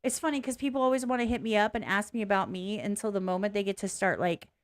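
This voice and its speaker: A woman's voice: mid-range voice, quick pace. A woman vlogging casually in a blunt, candid way, swearing freely, rambling and restarting as she talks. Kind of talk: casual reaction vlog.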